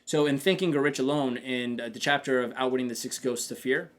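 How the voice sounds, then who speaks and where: Hosting a business coaching podcast, a man speaks casually and energetically in a mid-range voice at a fairly quick pace. He talks straight to listeners with asides like "check this out" and acts out his own inner dialogue.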